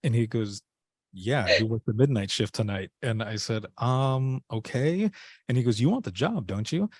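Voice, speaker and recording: A man's voice: mid-range voice, animated, moderate pace, breathy edge, dry recording. A man telling a personal story in a casual interview, acting out the dialogue he quotes. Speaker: podcast guest, former dispatcher.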